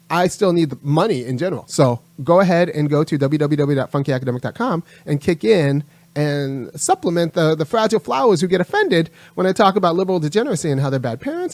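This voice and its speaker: Man, fairly high voice, emphatic, repetitive, lecturing, dry close sound. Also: animated, brisk, a little mellow, dry recording. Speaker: channel host. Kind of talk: opinion monologue.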